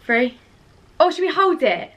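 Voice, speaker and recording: A woman's voice: high voice, big pitch swings, a little slow, fairly bright tone, dull audio. A young woman vlogging with her sister, giggly and nervous, chatting casually at home. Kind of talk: casual chat. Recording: noisy home recording.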